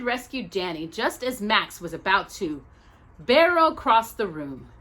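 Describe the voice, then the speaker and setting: A woman reading a storybook aloud as the storyteller, expressive and animated. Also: mid-range voice, unhurried.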